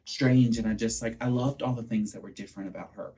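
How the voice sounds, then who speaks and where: A man, co-hosting a podcast. He tells coaching stories in a lively, animated way and acts out what people said. His voice sits a little low. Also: fast. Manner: animated storyteller, acts out quotes. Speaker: podcast co-host, pitching coach. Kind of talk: casual chat.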